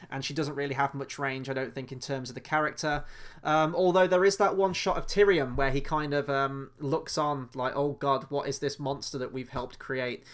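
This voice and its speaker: A man's voice: fairly high pitch, fairly bright tone. A young man giving a chatty, opinionated review of a trailer, full of rambling asides. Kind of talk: casual review commentary.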